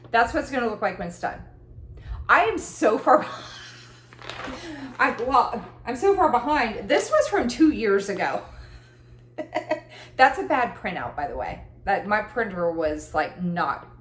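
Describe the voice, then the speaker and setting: A woman's voice: medium pitch, sing-song, measured pace, long pauses, reverberant. A woman talking casually about her cross-stitch projects, rambling and chatty, with self-deprecating laughs. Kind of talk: casual chat. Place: room at home.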